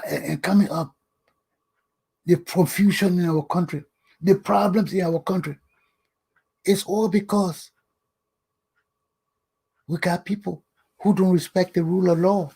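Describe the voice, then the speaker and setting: A man's voice: sits high, fairly even intonation, unhurried, gravelly, long pauses, dark tone, breathy edge. An older man from Liberia with a Liberian English accent, hosting his own talk show in a scolding, emphatic lecturing monologue that repeats words for stress.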